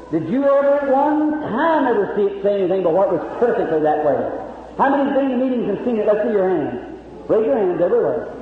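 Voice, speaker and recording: A man with a very high voice delivers a revival sermon as fervent storytelling in plain rural speech. The old recording sounds thin and narrow, like a phone line. His voice rings through a huge echoing hall with a long reverb tail. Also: slight background noise. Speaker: evangelist preacher. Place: large meeting hall with audience.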